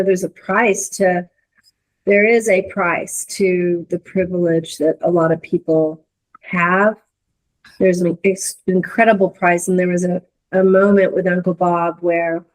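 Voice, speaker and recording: Woman guest on a podcast, earnest heartfelt storyteller, mid pitch, restarts a lot. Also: poor audio. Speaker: leadership coach and guest. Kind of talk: storytelling in conversation.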